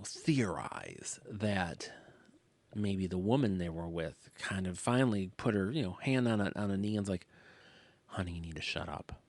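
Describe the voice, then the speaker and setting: Male podcast host, deep voice, casual rambling storyteller, hushed asides, dry recording. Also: no room sound. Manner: rambling, often drops to a hushed near-whisper.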